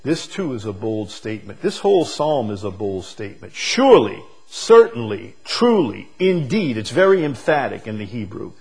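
A man preaching a sermon, moving from quiet, slow reflection to loud, emphatic declarations. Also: on the low side, very animated, slightly rough. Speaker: pastor.

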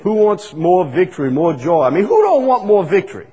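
A man's voice: sits high, big pitch swings, fairly quick, warm tone, dull audio. A male pastor, preaching a sermon with repeated, emphatic lines that rise in bursts. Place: church sanctuary. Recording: long hall reverb.

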